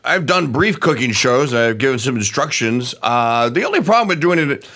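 A man co-hosting a casual radio chat, rambling and halting with many fillers. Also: medium pitch, big pitch swings, bright, forceful tone. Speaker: radio show co-host. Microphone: earbud headset.

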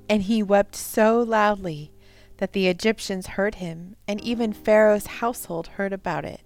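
A woman telling a Bible story as a devotional storyteller, with a gentle, expressive and emphatic delivery. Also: medium pitch, no room sound, studio quality.

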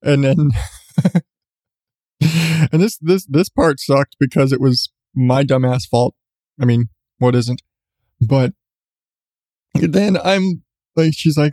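A man's voice: medium pitch, slow, pauses often, mellow, no room sound, clean studio sound. A man, host of a podcast, telling a story in a rambling, self-mocking way with frequent restarts. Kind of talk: casual storytelling.

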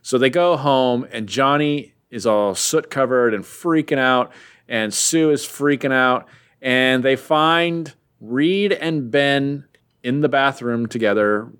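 A young man in the middle of a comic book recap, talking in a mid-pitched voice. He rambles loosely, leans on fillers and drops offhand jokes as he goes. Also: takes it slowly, fairly bright tone, smooth. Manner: rambling, filler-heavy, joking.

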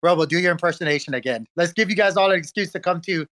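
A man's voice: sits high, fast talker, fairly bright tone. A man, a community event organizer, talking in a hyped, friendly, repetitive way in a casual group audio chat.

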